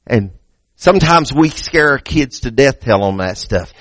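A man's voice: mid-range voice, lively intonation, a little slow, fairly bright tone, no room sound. Emphatic preaching pastor, man. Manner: emphatic, repeats words when restarting and builds to raised peaks. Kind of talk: sermon.

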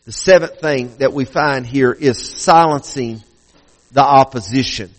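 A man's voice: medium pitch, a little slow, rough recording. A male pastor preaching a sermon in a conversational way, often restarting and repeating phrases.

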